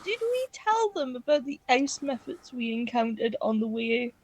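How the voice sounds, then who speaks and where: Female player, high voice, casual and polite at the game table. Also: sing-song, moderate pace, poor audio.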